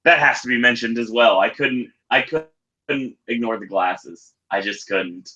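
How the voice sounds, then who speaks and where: A man's voice: mid-range voice, a little slow, bright, forceful tone, lo-fi sound. A man co-hosting a wrestling podcast, making wry, trivia-laden remarks in casual chat. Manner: wry, nerdy trivia asides. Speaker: podcast co-host.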